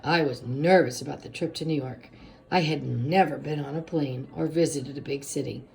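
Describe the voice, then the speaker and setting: A woman reading a children's storybook aloud in a steady first-person narration. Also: low voice, normal speed, creaky, slight background noise.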